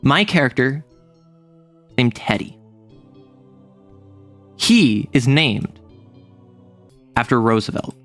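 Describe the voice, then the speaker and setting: A man streaming a casual chat, telling a rambling, animated story and laughing often. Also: medium pitch.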